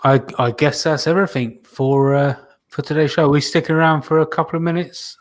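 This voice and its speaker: A man hosting a podcast, wrapping up the show and reading names from the chat in a relaxed way, with plenty of fillers. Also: on the high side, fairly quick. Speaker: podcast host. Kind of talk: casual podcast wrap-up.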